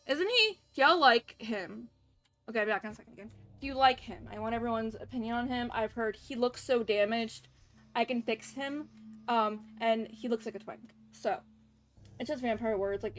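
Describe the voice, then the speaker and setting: Young woman streamer, casual and profane, slightly high voice, chatting with viewers. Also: a bit bright. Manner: chatty, swearing, laughing at mispronunciations.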